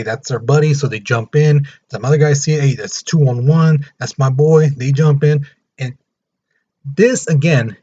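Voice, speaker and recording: Husky male history teacher, muffled. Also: a little high. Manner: animated, storytelling, acting out the countries. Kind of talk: casual recorded lesson. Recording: muffled lo-fi recording.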